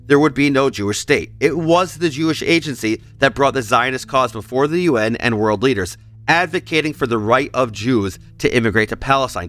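A man's voice: mid-range voice, a bit bright. A man hosting a history podcast, reading scripted narration and breaking off for playful personal asides.

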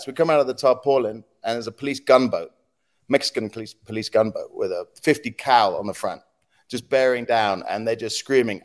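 A former news agency chief guests on a podcast, sharing anecdotes in an easygoing storytelling interview. His voice is on the low side and brisk, and he laughs often while dramatizing quotes and sound effects.

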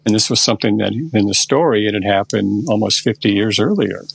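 An older man, a therapist guest in a podcast interview, who tells a session step by step in an unhurried, conversational way. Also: fairly low pitch, expressive, gravelly, slightly rough, no echo.

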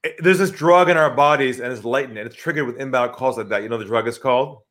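A man's voice: medium pitch, quick pace. A man, a sales trainer, answering interview questions by telling vivid stories and acting out phone calls. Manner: animated storyteller, acts out phone calls.

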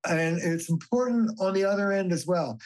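A man's voice: high-pitched, moderate pace, low-quality recording. A male therapist telling stories in a podcast interview and acting out the voices of the people in them. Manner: animated storyteller, acts out quoted voices. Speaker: therapist guest. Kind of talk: conversational storytelling. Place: Boston area.

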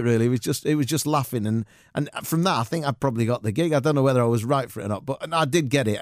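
A man's voice: mid-range voice, dry recording, studio quality. A man, a guest telling showbiz anecdotes in a casual interview, acting out other people's lines as he goes. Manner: animated anecdotes with quoted voices and laughter.

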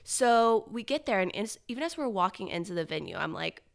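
A young woman co-hosting a podcast speaks at medium pitch, briskly, with a gravelly sound and a slight nasal quality this morning. In casual chat she's an animated, rambling storyteller who says "like" a lot.

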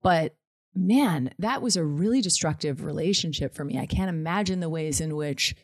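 A woman with a low voice talks through her thoughts in a relaxed conversation. She is reflective and a little self-mocking, and often breaks into laughter. The sound is dry and close. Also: moderate pace, no echo. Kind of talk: casual conversation. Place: Los Angeles area.

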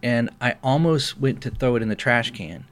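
A man's voice: medium pitch, normal speed. A middle-aged pastor telling a personal story in casual podcast chat, acting out the people he quotes. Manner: animated storyteller, acts out quoted voices.

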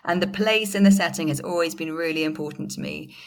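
Brief: woman guest author hosting a book quiz, low gravelly voice, upbeat. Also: fast. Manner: upbeat, frequent laughs, apologetic asides. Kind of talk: casual podcast quiz chat.

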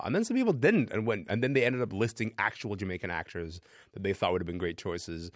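Animated male host in a dry studio. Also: lowish voice, fast talker, no room sound. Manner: animated, probing questions. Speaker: radio show host. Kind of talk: panel discussion.

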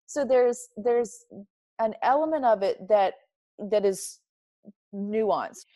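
A woman's voice: fairly high pitch, slow pace, mellow, no echo. Candid, emphatic woman with dry sound. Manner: reflective, emphatic, laughs easily. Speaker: interview guest. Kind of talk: candid personal conversation.

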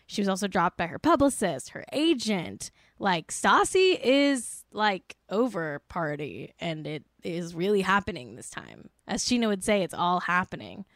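A woman's voice: medium pitch, fairly bright tone, dry recording, studio quality. A woman giving exasperated, sarcastic commentary in a casual vlog, filling her talk with "like".

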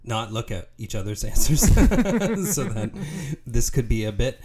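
A man's voice: mid-range voice, very animated, unhurried, dark tone. A man co-hosting a tennis podcast, chatting casually and laughing often. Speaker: podcast co-host. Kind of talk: casual chat.

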